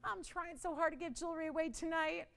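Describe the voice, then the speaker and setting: A woman's voice: extremely high pitch, fairly even intonation, fast, vocal fry, a bit bright, slight background noise. A woman hosting a live television jewelry auction, chatty and self-mocking, with dramatic pleas for bids and frequent laughs. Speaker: live shopping host.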